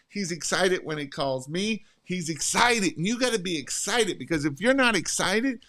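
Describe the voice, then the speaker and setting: A man hosting a podcast, coaching on sales in an energetic, emphatic way and repeating his points. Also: sits high, moderate pace, few pauses. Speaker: podcast host. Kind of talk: casual sales coaching chat.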